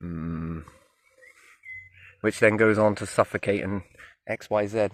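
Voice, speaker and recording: A man walking by a river in the woods, musing aloud as he goes, often trailing off into quiet wondering remarks. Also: on the low side, normal speed, pauses often, dry recording. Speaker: vlogger.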